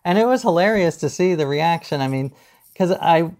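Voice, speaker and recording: Animated storytelling middle-aged man. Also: fairly high pitch, normal speed. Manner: animated storyteller, laughs often, acts out quotes. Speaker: guest author. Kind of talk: casual podcast interview.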